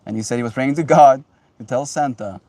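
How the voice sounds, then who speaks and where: Brief: male streamer, mid pitch, loose rambling casual chat, lots of "like" fillers. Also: brisk, warm tone, no echo. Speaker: livestream host.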